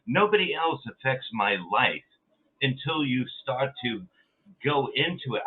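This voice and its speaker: A middle-aged man, a guest comedian, telling rambling, blunt stories with swearing in a casual podcast chat. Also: mid-range voice. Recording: tinny phone-like line.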